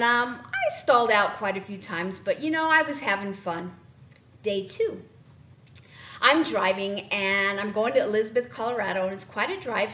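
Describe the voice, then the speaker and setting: Woman, transition coach, animated storyteller who acts out dialogue; roomy, muffled recording with faint hiss. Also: medium pitch. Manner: animated, acts out her own and others' lines, drops to near whisper at tense moments. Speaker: transition strategist. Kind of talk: motivational storytelling talk. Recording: echoey room, dull lo-fi audio with faint noise.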